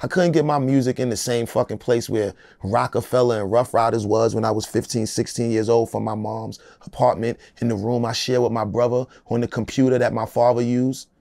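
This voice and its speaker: A man's voice: medium pitch, fairly even intonation, brisk, creaky, few pauses, darkish tone, no echo, studio quality. A man in his forties, a rapper being interviewed, talking in a casual, profane, streetwise way and often adding "you know what I'm saying".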